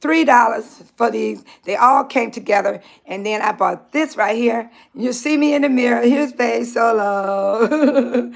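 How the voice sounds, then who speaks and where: A woman's voice: fairly high pitch, normal speed, creaky. An older woman chatting casually on a live stream from home into her phone, laughing often and calling out to her viewers by name.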